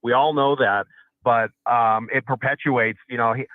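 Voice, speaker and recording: A man's voice: medium pitch, fairly even intonation, normal speed, dry recording. A man, a fellow radio host, calling in by phone and bantering earnestly, stressing his points and often repeating words. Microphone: phone line. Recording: tinny phone line.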